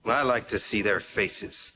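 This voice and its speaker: An actor playing a cold, menacing male villain holding hostages, speaking with calm, polite threat. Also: on the low side, unhurried, noisy background, natural voice.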